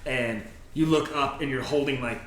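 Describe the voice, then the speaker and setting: A man's voice: mid-range voice, moderate pace, a bit bright. A man narrating as game master, rambling with many fillers. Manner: rambling, lots of fillers and laughs. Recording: echoey room with faint noise.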